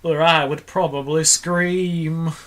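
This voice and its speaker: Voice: medium pitch, steady tone, slow pace, a bit bright. A reader doing a timid earthworm. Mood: fearful. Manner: anxious, pleading. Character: timid, fearful male earthworm.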